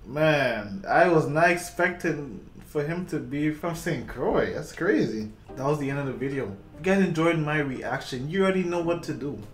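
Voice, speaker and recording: A man's voice: a little high, animated. A young man hosting a reaction video, chatting casually and interjecting. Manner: chatty, quick interjections, upbeat sign-off. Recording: echoey room with background music.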